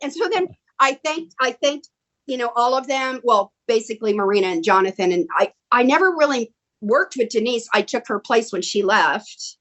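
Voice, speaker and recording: A middle-aged American actress, appearing as a guest on a video call, tells stories animatedly at a normal speed in casual chat. She acts out quotes in a high voice, and the recording quality is low.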